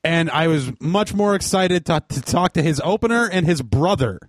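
A man's voice: a little high, lively intonation, normal speed, no room sound. A man co-hosting a podcast in casual chat, blunt and skeptical, swearing freely. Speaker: podcast co-host.

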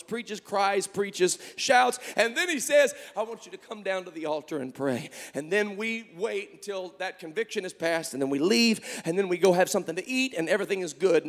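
A man preaching a sermon in a church, swinging from loud shouts down to hushed, quiet lines. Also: sits high, in a large hall. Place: church sanctuary.

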